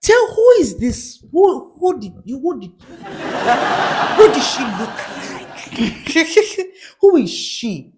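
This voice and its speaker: A woman playing a protective pastor's wife who presses for every detail and then hands out blessings. Her voice rides high above the performer's own and jumps about. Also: sing-song, drawn-out words, long pauses, a little mellow, full character voice. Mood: probing. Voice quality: high, probing, pious. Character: protective pastor's wife, a nosy mama bear.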